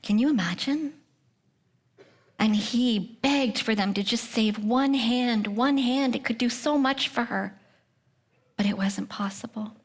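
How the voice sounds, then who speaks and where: Her voice sitting on the high side and moving a little slowly, a middle-aged woman gives an earnest faith testimony at a prayer breakfast. She frequently sinks into a whisper and addresses listeners with direct questions.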